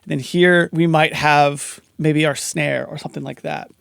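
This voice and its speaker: Speaking at a moderate pace in a steady tone, this man has a slightly high, gravelly, fairly bright voice. He's an audio mixing instructor giving a relaxed screen-recorded tutorial on compression, talking through every setting in turn. There's no room sound, just studio-quality audio.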